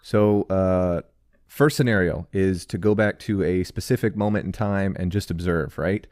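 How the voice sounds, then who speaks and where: A man's voice: sits low, moderate pace, darkish tone, no echo, studio quality. A man co-hosting a podcast in casual chat, easygoing as he sets up questions for his partner. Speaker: podcast co-host.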